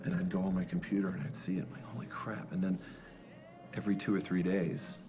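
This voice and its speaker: A man's voice: deep voice, little pitch movement, quick pace, over music. A man, a band member, telling his story casually and reflectively in a documentary interview.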